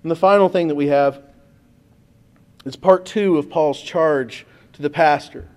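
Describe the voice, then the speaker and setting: A man's voice: on the high side, a little slow, a little mellow. A pastor preaching a sermon to his congregation in a conversational way, speaking straight to the church.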